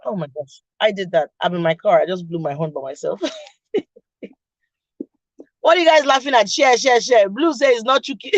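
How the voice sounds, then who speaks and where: A woman's voice: mid-range voice, moderate pace, long pauses, no echo, dull audio. A middle-aged woman with a Nigerian accent hosting a casual chat, laughing often and teasing her viewers directly. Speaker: podcast host.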